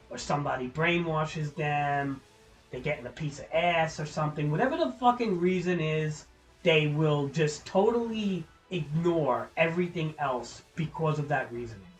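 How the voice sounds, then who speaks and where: Male streamer, slightly high voice, swears freely, heated rambling rant, faint music underneath. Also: a bit bright, low-quality recording. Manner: profane, heated, opinionated; rambling with restarts. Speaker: livestreamer. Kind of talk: live-stream ranting to chat.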